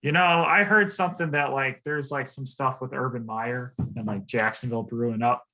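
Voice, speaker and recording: A man's voice: mid-range voice, steady tone, moderate pace, pushed and bright, rough recording. A man co-hosting a casual chat about football picks, talking loosely with lots of fillers and confident predictions. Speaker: co-host.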